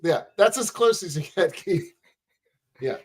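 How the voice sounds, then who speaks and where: A man's voice: high voice, expressive, measured pace, breathy edge. A man co-hosting a podcast over a video call, chatting casually, teasing his co-host and laughing often.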